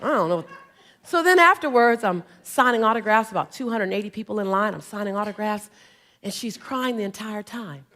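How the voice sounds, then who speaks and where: A woman in her forties giving a stage motivational talk, telling stories with animated call-and-response and rousing, emphatic exhortation. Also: mid-range voice, brisk. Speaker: motivational speaker. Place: on stage before a large audience.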